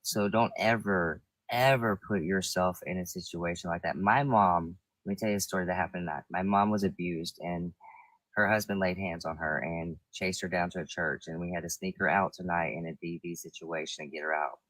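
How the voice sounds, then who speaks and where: Very deep-voiced man, dry sound. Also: fairly even intonation, a little fast, a bit bright, dry recording, rough recording. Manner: reassuring, emphatic. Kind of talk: casual supportive chat.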